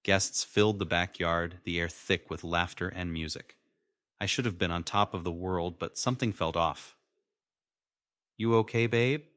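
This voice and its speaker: A young man in his twenties narrating a dramatic first-person animated story. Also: low voice, moderate pace, no echo. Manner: dramatic, emotionally charged. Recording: dry close studio voice-over.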